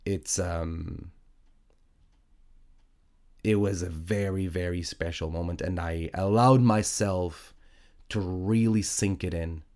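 A man's voice: low-pitched, steady tone, slow pace, long pauses, a little mellow. A man whose first language is Portuguese, hosting a solo podcast in a casual, rambling chat with a stuffy nose from sinusitis. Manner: rambling, self-correcting, chatty with frequent fillers. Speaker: podcast host. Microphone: studio podcast microphone.

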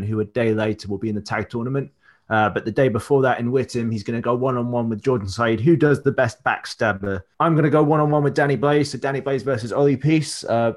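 A man, a wrestler and promoter appearing as a guest, runs through a card of upcoming matches in a relaxed podcast chat. He's loose and chatty, with many fillers, and his voice sits at an ordinary middle pitch.

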